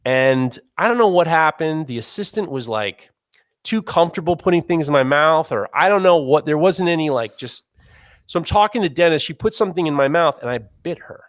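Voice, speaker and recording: A man in his forties telling a self-mocking story in casual chat, animated and swearing as he talks. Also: on the high side, brisk, dry recording, studio quality. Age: 40s. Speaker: podcast host.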